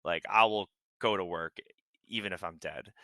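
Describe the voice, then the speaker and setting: A man's voice: low voice, moderate pace, pushed and bright, no echo. A man chatting casually on a podcast, rambling with many fillers and frequent laughs. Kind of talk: casual chat.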